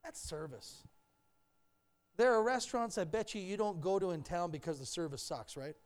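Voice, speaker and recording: Candid, joking preacher with a higher-pitched voice. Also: male voice, moderate pace. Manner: candid, joking, addresses the congregation directly. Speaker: pastor. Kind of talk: sermon. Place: church sanctuary.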